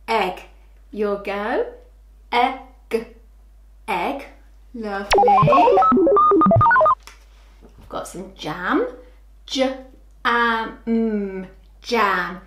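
A woman teaching young children phonics, sounding words out slowly with gentle encouragement. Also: medium pitch, roomy sound, very noisy. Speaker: early years teacher. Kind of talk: slow, clear children's lesson.

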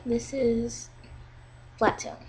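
A young woman giving a casual video lesson, drawing out example sounds slowly and carefully as a teacher. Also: fairly high pitch, background noise. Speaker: language teacher.

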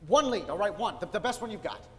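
Male actor as a pleading, bullying aging salesman; stammering, very lively pitch, long hall reverb. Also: quick pace. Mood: bitter. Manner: wheedling, stammering, bursts of anger. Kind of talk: live stage acting. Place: theater stage. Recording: roomy hall, faint noise.

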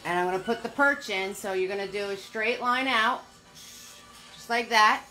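An older woman teaches a live painting lesson, upbeat, chatty and encouraging. Her mid-range voice has a sharp tone at a normal speed, with soft background music.

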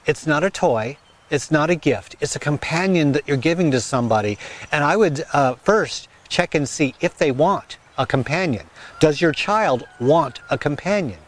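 Guy hosting a garden show, kinda high voice, folksy and direct, keeps saying okay. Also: expressive, normal speed. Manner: earnest, folksy, direct advice with frequent "okay?". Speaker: gardening channel host. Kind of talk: casual advice talk.

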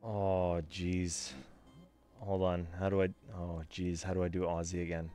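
Man, low voice, casual gameplay commentary, rambling, lots of fillers, faint music behind. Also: monotone, measured pace, dark tone. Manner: rambling, talks to himself with many fillers. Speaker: streamer voicing a game.

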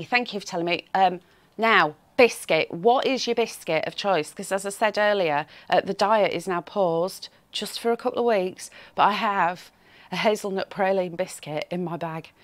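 A woman's voice: mid-range voice, no room sound. A woman hosting a live craft shopping show, chatting and reading out viewer comments in a cheerful, teasing way, with a slight frog in her throat.

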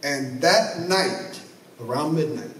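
A male pastor delivers a sermon through a vivid story, pushing his voice up high and letting it fall low to build drama. His voice sits a bit high. The sound echoes around a church sanctuary, caught from some distance with a faint hiss behind it. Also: slow pace. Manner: animated storytelling, voice rising and dropping sharply for dramatic effect.

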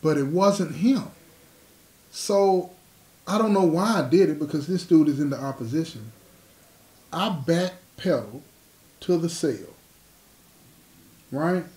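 A man's voice: a little high, unhurried, pauses often, darkish tone. A man telling a prison story in a casual, streetwise way, acting out the dialogue and often asking if you follow him. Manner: streetwise storyteller, acts out dialogue, asks "you know what I'm saying". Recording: roomy echo.

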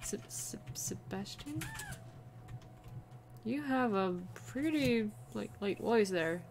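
A woman talks slowly through a video game in a chatty, playful way, her commentary punctuated by abrupt, high-pitched squeals of excitement.

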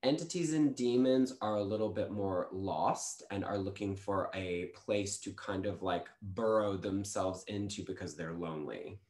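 Low-voiced man telling stories in an echoey room. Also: moderate pace, hardly any pauses. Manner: animated storytelling, acts out quotes. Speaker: podcast guest. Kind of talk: casual spiritual chat.

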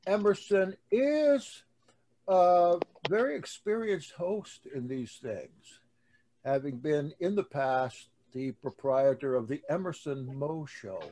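A sick, tired man speaks slowly and wearily in a low-key way on a call. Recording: dull lo-fi call audio with faint noise.

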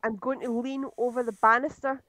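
A woman's voice: fairly high pitch, flat delivery, a little fast, sharp tone, no room sound. Woman playing a tabletop game. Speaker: player. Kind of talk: casual tabletop play.

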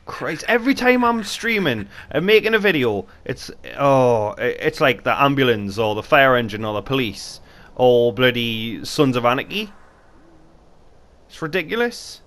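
A young Geordie man from North East England, a gaming YouTuber, jokes and chats through game commentary into a desk mic, swearing casually. His voice is medium-pitched, expressive, and fairly bright, at a normal speed.

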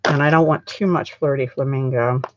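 A woman's voice: very deep voice, fairly even intonation, moderate pace, muffled recording. A middle-aged woman hosting a live crafting stream, chatting in a rambling way as she works, her throat still scratchy from a cold. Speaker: craft channel host.

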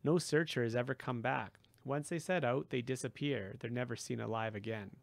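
A man voicing a gentle, idealistic young male satyr who talks mournfully and turns indignant. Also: mid-range voice, moderate pace, gravelly, dry recording, natural voice. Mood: earnest.

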